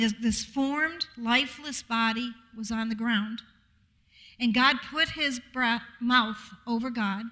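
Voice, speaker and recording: A middle-aged woman teaches a congregation in a relaxed, conversational way, putting questions to the listeners and laughing easily. Her voice sits a little high for a woman and comes across bright and forceful. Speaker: guest speaker at a congregation. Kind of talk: casual teaching talk.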